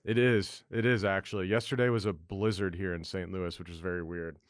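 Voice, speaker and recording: A man's voice: low voice, fairly even intonation, fairly quick, dry recording. Brash male podcast host, dry sound. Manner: brash, casual, swearing. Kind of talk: casual podcast chat.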